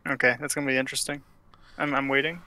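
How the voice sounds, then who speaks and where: A man's voice: medium pitch, little pitch movement, quick pace, pushed and bright. A man from Canada co-hosting a gaming podcast, crude, joking, casual chat. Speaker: podcast co-host.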